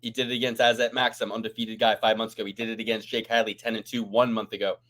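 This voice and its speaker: A man's voice: lowish voice, flat delivery, fast talker, fairly bright tone. A man co-hosting a fight-picks podcast, talking in a rambling, emphatic way and swearing freely. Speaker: podcast co-host. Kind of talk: casual fight-picks chat.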